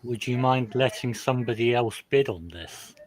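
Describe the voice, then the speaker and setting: A man playing a tabletop game speaks calmly and matter-of-factly. His voice sits in the middle range, and his talk is casual. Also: mid-range voice, normal speed. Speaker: player. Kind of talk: casual play chat.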